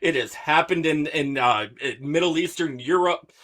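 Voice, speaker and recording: Rambling bright-voiced podcast host. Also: male voice, on the high side. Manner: rambling, drawn-out, with fillers. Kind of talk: casual podcast chat.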